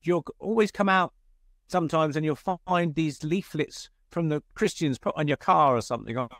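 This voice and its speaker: A man's voice: on the high side, moderate pace, a bit bright, no room sound, studio quality. A man with a British accent hosting a podcast, chatty and telling anecdotes with laughter. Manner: chatty storyteller, laughs at his own tales. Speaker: podcast host. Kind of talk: casual conversation, anecdote telling.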